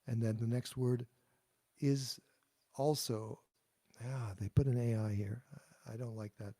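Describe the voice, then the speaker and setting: A man teaching pronunciation in a patient, explanatory way, saying each phrase and then pausing for the listener to repeat. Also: mid-range voice, steady tone, warm tone. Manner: slow, patient and explanatory, demonstrating words then pausing for repetition. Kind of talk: pronunciation lesson, call and response.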